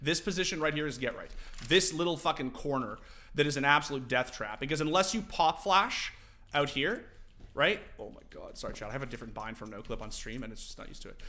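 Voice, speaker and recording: A young man casually streaming, teaching game tactics to his chat, animated and profane. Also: on the high side, fairly quick. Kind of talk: casual livestream commentary.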